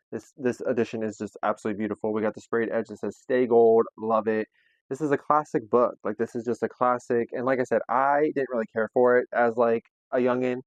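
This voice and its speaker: A man's voice: medium pitch, no echo, highs cut off. Sassy, chatty young man. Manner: chatty, sassy and playful, with slang. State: a little out of breath. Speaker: booktube host. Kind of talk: casual book haul vlog.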